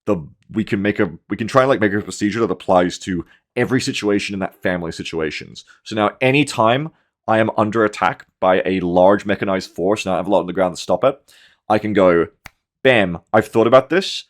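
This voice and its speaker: A man in his thirties talks through a game replay in a loose, conversational way. His voice sits a little low, and he gets animated, swears freely and acts out his own panicked reactions in quick bursts. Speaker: gaming commentator. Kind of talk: casual match review commentary.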